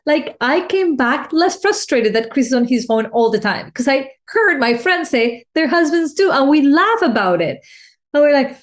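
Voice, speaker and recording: In a reflective solo podcast, a woman life coach talks about personal needs and connection. Her voice sits high and expressive at a normal speed, and she speaks in a heartfelt, emotional way, often restarting phrases.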